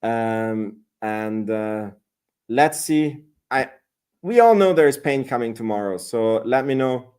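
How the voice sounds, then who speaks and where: A man's voice: medium pitch, lively intonation, slow pace, darkish tone, smooth. Rambling male stream host. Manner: rambling, reads and answers chat comments. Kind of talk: live-stream chat about options trading.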